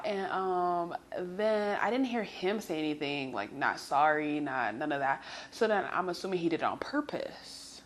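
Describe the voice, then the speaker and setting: A young woman telling a story in a chatty, animated way, swearing freely and talking to her listeners as girl. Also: low voice, moderate pace, few pauses. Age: young adult. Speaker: storytime vlogger. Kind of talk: casual storytelling.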